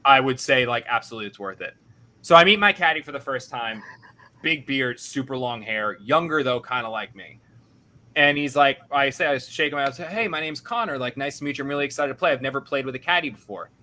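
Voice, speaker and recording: A young man hosting a podcast, telling a story in an animated, self-deprecating way and acting out what others said. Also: mid-range voice, fairly quick. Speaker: podcast host. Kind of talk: casual storytelling.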